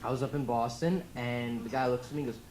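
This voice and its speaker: A teenage boy performing a stand-up comedy set in a comedy club, telling stories in a deadpan way on a handheld mic. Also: medium pitch, fast, slight background noise, rough recording. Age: teens.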